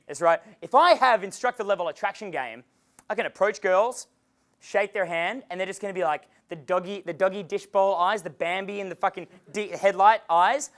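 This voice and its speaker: A man's voice: high-pitched, a little fast. A man giving a live dating seminar as coach, talking with energy and swearing freely. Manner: energetic and profane, acting out quotes. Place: seminar room.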